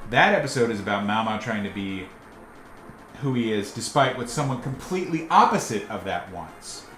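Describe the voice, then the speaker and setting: A man, the creator of a cartoon, telling stories in casual chat, laughing often. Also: fairly low pitch. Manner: chatty, laughs often, animated storyteller. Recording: roomy echo, faint music.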